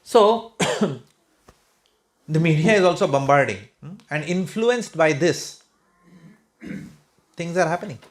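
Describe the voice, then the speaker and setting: A man's voice: on the high side, animated, slow, pauses often. A man from Mumbai with an Indian English accent, giving a conversational spiritual talk to a home group, wry and sometimes sarcastic, often checking in with "right?" and "hmm?". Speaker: spiritual speaker.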